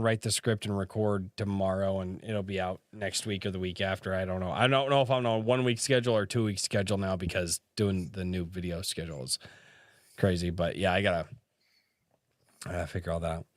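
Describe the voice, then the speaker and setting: A man's voice: low-pitched, no room sound. A man hosting a casual livestream podcast, rambling and swearing as he chats with his audience. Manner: rambling, swears often, frequent restarts. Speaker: podcast host.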